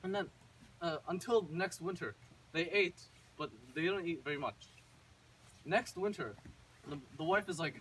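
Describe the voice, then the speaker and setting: A man's voice: on the high side, moderate pace, long pauses, fairly bright tone. A man casually retelling a fairy tale, rambling with many fillers and restarts. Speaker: storyteller. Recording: distant mic with faint noise.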